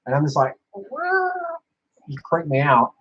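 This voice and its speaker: A man's voice: medium pitch, steady tone, quick pace, slightly rough. A young man telling rambling, profane stories in a casual monologue, full of fillers. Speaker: vlogger. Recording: dull lo-fi sound.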